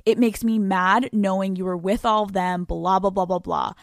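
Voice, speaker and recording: A young woman hosts her own podcast, talking brashly and swearing freely as she gives advice and reads out listener letters. Her voice sits at a middle pitch and comes across close and dry, with no room sound around it. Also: steady tone, normal speed, gravelly, no room sound. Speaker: podcast host. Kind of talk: solo podcast advice talk.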